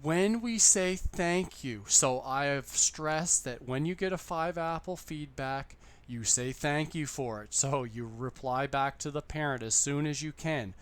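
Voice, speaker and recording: A man's voice: a little high, measured pace, few pauses, smooth. A man who teaches English online, giving fellow teachers tips in an upbeat, chatty talk that keeps repeating its points. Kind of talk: casual how-to talk to camera.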